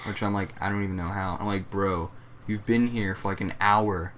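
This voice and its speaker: A man's voice: sits low, fairly even intonation, normal speed, fairly bright tone. A young man co-hosting a casual chat, ranting profanely about customers and acting them out in mock voices. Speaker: co-host. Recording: faint background noise.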